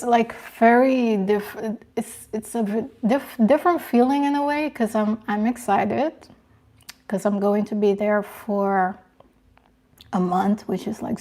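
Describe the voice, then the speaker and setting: A young woman with a mid-range voice hosts a casual live stream, reading viewer comments aloud in a soft, emotional, halting way, restarting often.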